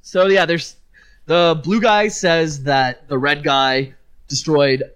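Guy recapping a game to friends, lots of ums and likes, kinda halting. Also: fairly high pitch, level tone, fairly bright tone, smooth. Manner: loose, hesitant, many fillers. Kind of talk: casual chat, retelling a video game.

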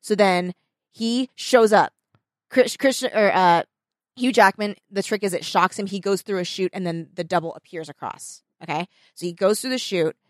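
A woman chatting casually with friends, telling a long story in an animated, rambling way. She fills her sentences with "like" and drops swear words freely. The sound is close and dry, with no room to it. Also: mid-range voice, moderate pace, dry recording. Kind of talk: casual chat.

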